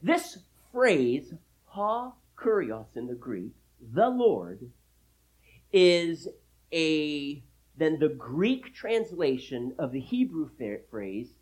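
A man's voice: sits high, husky, rough recording. A man preaching an expository sermon, teaching with emphasis and personal asides to the congregation. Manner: emphatic, animated Bible teaching with asides to listeners. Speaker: pastor.

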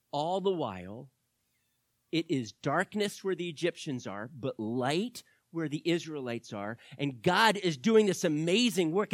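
A pastor preaching a sermon to his church, swinging between hushed words and loud, fervent calls. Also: a little high, expressive, moderate pace, dry recording, clean studio sound. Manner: dramatic, swings from hushed to shouting.

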